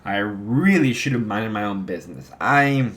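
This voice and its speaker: A man's voice: lowish voice, animated, normal speed, fairly bright tone. Brash young man, voiced by a male narrator, sarcastic, teasing.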